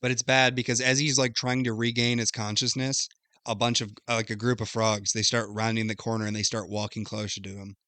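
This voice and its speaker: A young man co-hosting a podcast, recapping a video game in casual, profane, animated chat. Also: fairly low pitch, no room sound. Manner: animated, profane, retells scenes with quick quoted voices. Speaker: podcast co-host.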